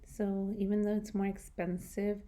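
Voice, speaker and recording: A woman who is losing her voice walks through her budget in a relaxed, casual way. Her tone is mellow and mid-pitched, and now and then she slips into a soft whisper. She speaks into a close microphone. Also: moderate pace. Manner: soft-spoken, drifting into whispers. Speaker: personal finance vlogger. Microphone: new microphone.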